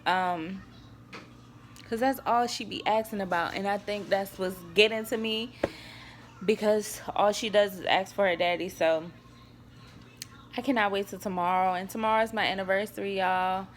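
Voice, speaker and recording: A woman's voice: mid-range voice, fairly even intonation, moderate pace, a little hiss or hum. Chatty young woman vlogging from her kitchen. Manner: chatty, addresses viewers as y'all, sighing, fighting back tears. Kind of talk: casual cooking vlog chat. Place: home kitchen. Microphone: camera on a tripod.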